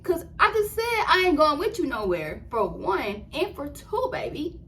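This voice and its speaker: In a low-quality recording, a woman in her twenties who vlogs speaks in a high voice at a measured pace. She recounts a story with lively energy and plenty of slang, performing her own past quotes.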